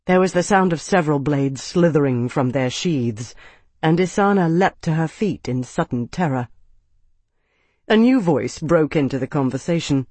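A man giving measured, scripted narration of an audiobook. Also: a little high, animated, darkish tone, dry recording.

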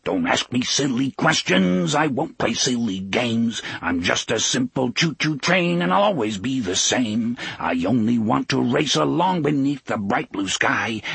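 A man voicing a small, gruff, cheerful talking steam locomotive in an audiobook reading. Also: fairly high pitch, huge pitch swings, unhurried, hardly any pauses, a bit bright, dry recording, voice pushed up, full character voice. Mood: singing. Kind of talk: audiobook character voice.

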